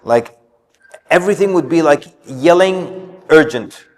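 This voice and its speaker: A man's voice: fairly high pitch, animated, a little slow. A man giving an informal religious talk on parenting, telling stories and acting out what people said. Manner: storytelling, acts out quotes. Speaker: community speaker. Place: mosque hall. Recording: long hall reverb.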